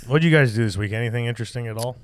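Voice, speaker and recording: A man's voice: mid-range voice, very fast, slight background noise. A man co-hosting a podcast in laid-back chat, asking questions and swearing casually. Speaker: podcast co-host.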